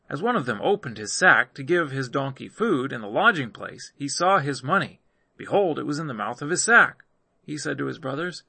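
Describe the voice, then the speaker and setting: A man reading scripture aloud in measured narration. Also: mid-range voice, creaky, pushed and bright, husky, no echo. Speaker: scripture reader.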